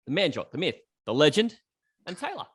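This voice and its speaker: A man's voice: on the high side, wildly swooping pitch, brisk, fairly bright tone, breathy edge, no room sound, studio quality. A young Australian man hosting a casual podcast chat, joking and laughing with his mates. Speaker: podcast host.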